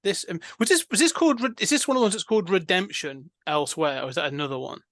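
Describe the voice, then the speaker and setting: A man's voice: high-pitched, expressive, quick pace, fairly bright tone, no echo. A man chatting casually about a film as a podcast co-host, rambling with many fillers and restarts.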